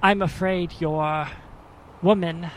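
A man's voice: on the high side, steady tone, takes it slowly, a bit bright, rough recording. A man playing a pompous, stammering prison guard in a tabletop game, condescending and self-righteous, over faint noise. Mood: stiffly polite. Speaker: game master. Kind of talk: in-character tabletop role-play.

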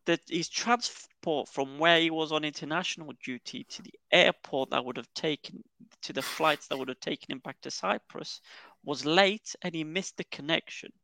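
A man co-hosting a football podcast from a remote call. He has a slightly high, gravelly voice with a bright, forward edge. He tells stories in a chatty way and chuckles between his words. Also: moderate pace, no room sound. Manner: chatty storyteller, chuckles mid-sentence. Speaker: podcast co-host. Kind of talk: casual football podcast chat.

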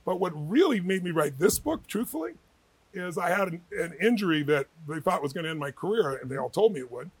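Fast-talking husky man telling stories. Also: sits high, low-quality recording. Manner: energetic, emphatic, quick storyteller. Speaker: guest author. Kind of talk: animated interview storytelling.

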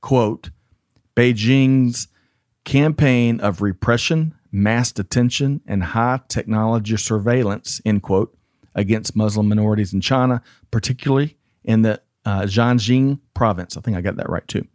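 A man's voice: lowish voice, normal speed, darkish tone, dry recording, clean studio sound. A man co-hosting a casual talk show, upbeat, reading news points aloud and turning to his co-host. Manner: upbeat, reads story points aloud, stumbles on names. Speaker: podcast co-host.

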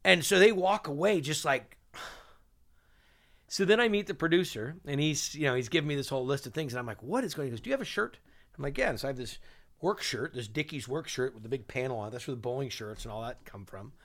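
Lively man telling animated stories. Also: medium pitch, fast. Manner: lively, acts out other people's lines. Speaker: guest chef and TV host. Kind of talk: animated storytelling.

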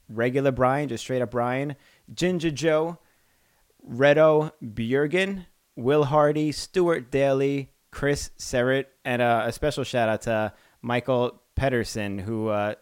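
A man co-hosting a podcast in casual chat, who laughs easily and reads shout-outs in a relaxed way. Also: mid-range voice, smooth, no echo, clean studio sound. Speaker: podcast co-host.

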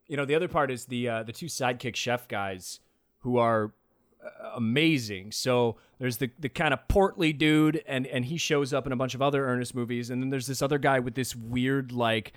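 A man in casual film-review chat who talks in an animated way, swears freely and laughs often. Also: medium pitch, normal speed, dry recording, studio quality.

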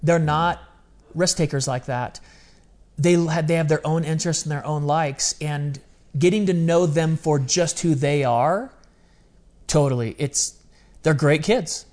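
A man in his forties co-hosting a podcast, talking candidly and earnestly in quick bursts. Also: a little high, darkish tone. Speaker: podcast co-host. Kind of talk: candid conversational podcast talk.

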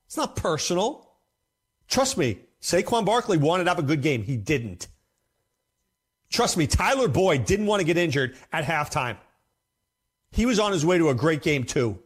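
Talking casually to the camera, the host of a fantasy football show speaks emphatically and repeats points for effect. He has a slightly high, somewhat rough voice.

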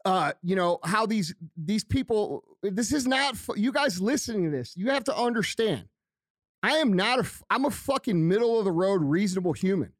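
A man rants in a high voice, swearing constantly and hammering the same point over and over. The sound is dry and close, with no room around it. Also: animated, moderate pace, dry recording. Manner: profane, heated, repeating himself for emphasis. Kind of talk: angry ranting monologue.

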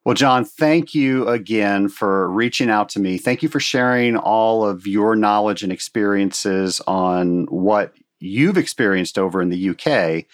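A man from the United States hosting an interview podcast, asking questions and encouraging his guest. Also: on the low side. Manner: encouraging, asks quick questions. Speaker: podcast host.

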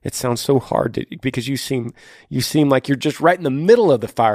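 Brisk and mid-range, this man's voice has a darkish tone, recorded in studio quality with no room sound. He's a podcast host responding to a listener with sincere, uplifting faith-based guidance, driving points home by repeating phrases.

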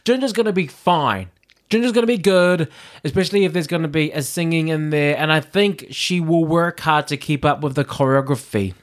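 A man co-hosting a casual chat, earnest and a little halting as he explains vocal technique. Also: a little high. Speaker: podcast co-host.

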